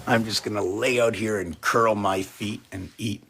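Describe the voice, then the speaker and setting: Brief: calm, unbothered house cat, put on by a man, matter-of-fact and a bit higher than his usual. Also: normal speed, gravelly, breathy edge, exaggerated voice. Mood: nonchalant.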